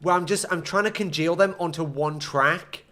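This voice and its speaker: A man's voice: on the high side, moderate pace, pushed and bright. A young man commenting casually on his own gameplay, muttering to himself and breaking into frustrated outbursts. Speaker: gaming streamer.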